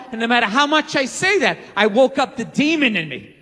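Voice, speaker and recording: A man in his forties does stand-up on a large theater stage, his very high, bright, forceful voice quick and lively, with a little hiss or hum. He rants with profane, incredulous exasperation, recorded live with a crowd, long reverb, and audience laughter.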